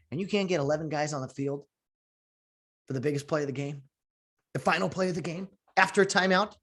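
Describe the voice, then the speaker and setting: A man giving casual sports commentary in an animated, ranting way, with many fillers and restarts. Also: on the high side, quick pace, pauses often.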